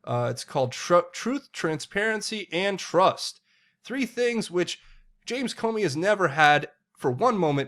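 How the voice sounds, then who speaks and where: A man's voice: on the high side, fairly bright tone. A man hosting his own political commentary channel, talking straight to his viewers in an earnest, direct way. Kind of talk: solo political commentary monologue.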